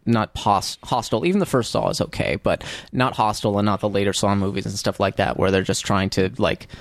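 A man's voice: lowish voice, fairly quick, gravelly, dry recording. A man talking casually about a movie, hesitant and full of restarts. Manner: hesitant, many restarts and ums.

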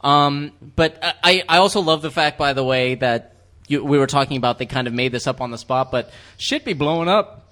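A man's voice: medium pitch, brisk, sharp tone. A man co-hosting a movie commentary podcast, telling rambling anecdotes with many restarts. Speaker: podcast co-host. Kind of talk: casual movie commentary chat.

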